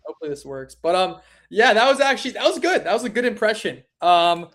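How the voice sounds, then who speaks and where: A young man with a notably high voice hosts an interview over a video call. He speaks softly and hesitantly, restarting and trailing off as he asks his questions. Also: big pitch swings, fast talker. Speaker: interview host. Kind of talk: casual remote interview.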